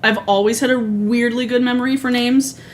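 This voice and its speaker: A woman's voice: on the high side, steady tone, brisk, slight background noise. Chatty, rambling woman streamer in her thirties. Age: 30s. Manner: rambling, chatty, swears freely, self-correcting asides. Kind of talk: casual livestream chat. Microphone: streaming microphone.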